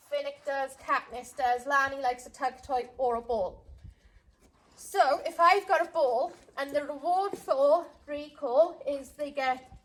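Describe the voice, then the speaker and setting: A woman dog trainer explaining recall step by step, stopping now and then to call and praise her dogs. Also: sits high. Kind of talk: outdoor training demonstration.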